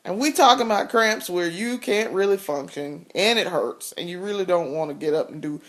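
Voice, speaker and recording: A woman's voice: lowish voice, lively intonation, a little fast. A woman vlogger telling a story in a casual, blunt rant, swearing freely and laughing often.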